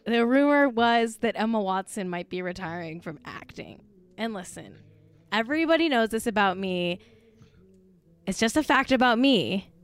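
A woman's voice: on the high side, animated, normal speed, clear, resonant tone. A woman co-hosting a casual podcast chat, gossipy and blunt, peppering her talk with "like.". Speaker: podcast co-host.

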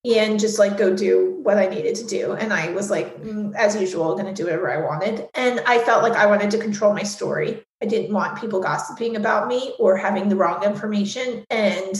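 A woman's voice: medium pitch, moderate pace, hardly any pauses, echoey room, rough recording. A woman guest speaking candidly in an interview, frank and full of "like" fillers, swearing freely.

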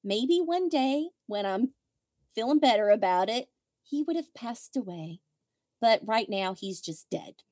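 The podcast host, a widow, sounds on the high side and a little mellow, with lively intonation and a measured pace. There's no echo in the studio-quality audio as she chats casually, telling wry, candid tales and performing quoted voices.

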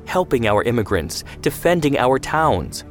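A man's voice: medium pitch, big pitch swings, unhurried, faint music behind, voice pushed up. A man voicing an anxious, fretful mother. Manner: fretful, pleading.

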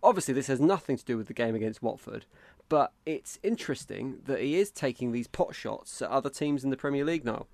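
A man's voice: mid-range voice, lively intonation, fairly quick, gravelly, a little mellow, dry recording. A man with an English accent hosting a casual football podcast and reading listener reviews in a chatty way. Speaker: podcast host.

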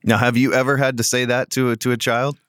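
A man's voice: medium pitch, level tone, quick pace, fairly bright tone, dry recording. Man, podcast host, curious questions, dry close-mic sound. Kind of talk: interviewing.

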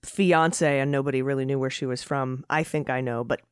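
Wry woman podcast host, smooth dry voice. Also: extremely low pitch, steady tone, normal speed, no echo. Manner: wry, sardonic, frequent fillers and laughs. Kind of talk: casual political podcast chat.

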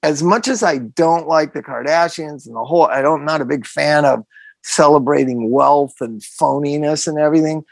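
A man's voice: fairly high pitch, normal speed, vocal fry, no echo. A man hosting a podcast, talking casually and emphatically, repeating phrases for effect. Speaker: podcast host.

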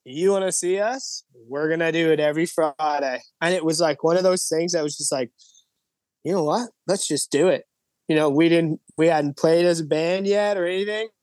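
Chatty man, higher voice. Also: normal speed, darkish tone, no echo. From Canada. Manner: rambling, full of "like" and "you know". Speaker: guest musician. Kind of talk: casual podcast chat.

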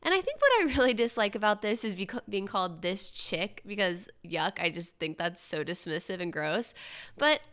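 A woman's voice: mid-range voice, big pitch swings, moderate pace, fairly bright tone. A young woman hosting her own podcast in casual solo chat, with uptalk and a valley girl way of speaking. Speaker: podcast host.

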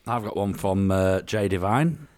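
A man's voice: low-pitched, unhurried, a little mellow, soft background music. A man, co-hosting a podcast, reading listener questions with dry teasing. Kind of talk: casual banter.

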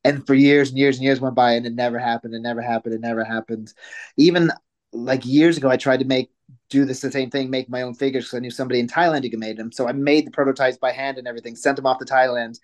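A man talking casually on a podcast at a middle pitch. He laughs often and tells his stories loosely, with plenty of restarts. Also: steady tone, fast talker. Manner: laughs often, slips into joking put-on voices. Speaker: pro wrestler guest.

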